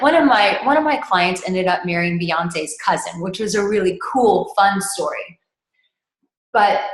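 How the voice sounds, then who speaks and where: A woman intimacy coach telling a personal client story in conversation, candid and blunt, with frank profanity. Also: lowish voice. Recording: echoey room.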